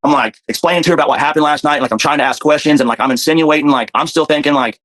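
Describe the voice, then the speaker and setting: A man's voice: on the high side, racing, a bit bright. A man telling his story in casual, rambling talk, profane and full of fillers.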